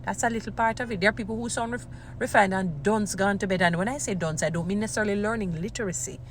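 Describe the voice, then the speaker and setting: A woman giving casual commentary, animated and emphatic, repeating phrases for stress. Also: mid-range voice, quick pace, slight background noise.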